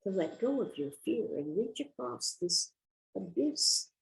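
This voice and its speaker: An older woman quoting a gentle, comforting woman. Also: medium pitch, big pitch swings, unhurried, gravelly, rough recording. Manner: gentle and reassuring. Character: kindly woman offering comfort.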